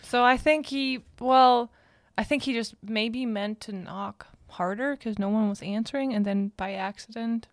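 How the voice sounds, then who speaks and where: A woman co-hosting a podcast, chatting casually about a book and pausing to search for words. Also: fairly high pitch, no echo, studio quality. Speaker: podcast co-host.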